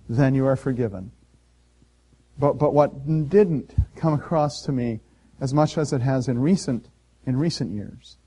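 A male pastor preaching a sermon in a conversational, storytelling way, swinging from loud emphasis to soft quiet. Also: a little high.

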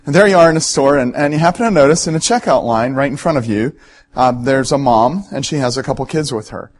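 A man's voice: mid-range voice, fast talker. A middle-aged man, a pastor giving a sermon in a conversational, storytelling way and speaking directly to his listeners.

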